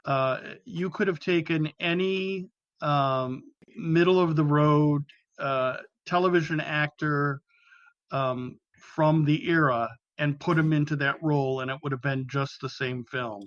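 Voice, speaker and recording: Male panelist, slightly high voice, halting and dryly critical, dull dry recording. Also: steady tone, dry recording. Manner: hesitant, many restarts and fillers, dry critical. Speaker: podcast panelist. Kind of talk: casual film discussion.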